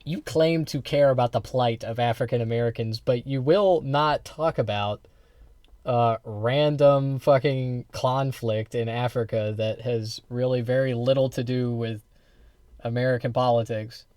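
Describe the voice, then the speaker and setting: A man's voice: mid-range voice, steady tone, a little slow, darkish tone, no room sound. Laid-back male host reacting, dry sound. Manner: laid-back, dismissive, swears. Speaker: streamer host reacting to a video. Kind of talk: casual reaction commentary.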